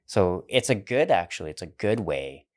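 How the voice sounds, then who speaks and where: A man with a very low voice co-hosting a podcast conversation. He talks in a relaxed, reflective way and reaches for everyday analogies. He drops the odd curse word. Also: moderate pace. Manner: relaxed, reflective, uses analogies, swears casually. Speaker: podcast co-host. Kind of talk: casual chat.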